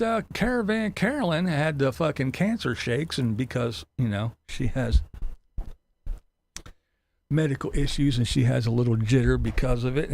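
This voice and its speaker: A man's voice: medium pitch, vocal fry. A man hosting a livestream commentary show, ranting in a sarcastic, mocking way, swearing freely and laughing often. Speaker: commentary channel host. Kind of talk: profane livestream rant.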